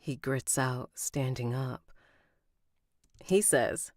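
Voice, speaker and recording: A woman's voice: rumbling low, takes it slowly, darkish tone, dry recording, studio quality. A woman recording an audiobook on a live stream, rereading lines and stopping to comment and laugh at herself. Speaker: audiobook narrator.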